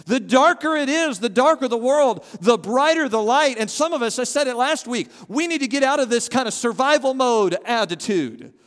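A man preaching a sermon as pastor, animated and calling on his congregation to respond. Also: very high-pitched, moderate pace, hardly any pauses. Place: church sanctuary. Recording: long hall reverb.

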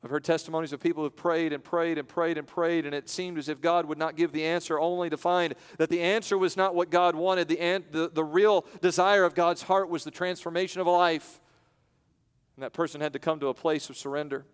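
A man preaching a sermon in a church, with dramatic pauses, and acting out the voices in the stories he tells. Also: fairly high pitch, steady tone, smooth, big-room sound. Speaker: pastor. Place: church sanctuary.

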